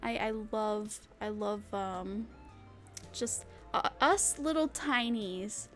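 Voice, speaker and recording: A woman's voice: mid-range voice, animated, slow, a bit bright, faint music behind. A young woman streaming, chatting casually and rambling with lots of fillers and giggles. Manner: bubbly, giggly, rambling with many "like"s. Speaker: vtuber streamer. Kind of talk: casual chat with chat readers.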